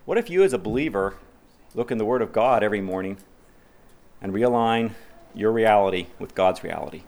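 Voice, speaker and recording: A man's voice: fairly low pitch, animated, a little fast, creaky, a little mellow. A man preaching a sermon as pastor, reading scripture aloud with rising emphasis and asking the congregation questions in conversational asides.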